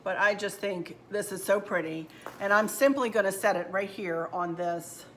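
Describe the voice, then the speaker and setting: Chatty woman with a bright voice. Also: mid-range voice, moderate pace, a little hiss or hum. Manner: chatty, homey, addresses viewers as y'all. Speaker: home decor channel host. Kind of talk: casual crafting demonstration. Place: at home, indoors.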